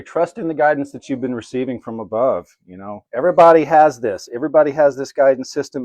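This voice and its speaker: Doing live oracle card readings, this man welcomes viewers by name and keeps things casual, cursing now and then. He has a mid-range, somewhat mellow voice with no echo.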